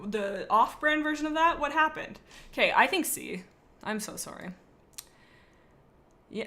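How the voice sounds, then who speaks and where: Young female streamer, casual chat; crisp bright tone, pitched a touch high, rambling storyteller. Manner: rambling and animated, tells stories with asides.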